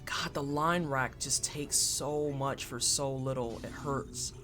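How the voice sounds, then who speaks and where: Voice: medium pitch, fairly even intonation, takes it slowly, music in the background. A streamer chatting casually with viewers while playing a game, thanking supporters and making playful asides. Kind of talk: casual live-stream chat while gaming.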